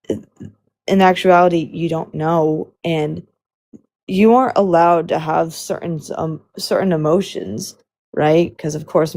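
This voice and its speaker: A woman hosting a live stream, talking in a reflective, measured, sympathetic way with many fillers. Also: on the low side, gravelly, dark tone. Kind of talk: reflective conversational commentary.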